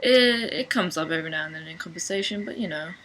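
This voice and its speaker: A young woman from Sydney with an Australian accent, talking casually to her camera in a deadpan, dry way. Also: lowish voice, fast talker, slight background noise, low-quality recording. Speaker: vlogger. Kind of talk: casual accent-challenge video.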